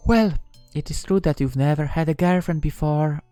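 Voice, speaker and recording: Cast: cheeky, cheerful young woman mage in a visual novel, as a man puts her on, high and bouncy, dry close sound, soft music behind. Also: normal speed, clean tone, no echo, lightly acted. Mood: teasing. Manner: teasing, bright, playful.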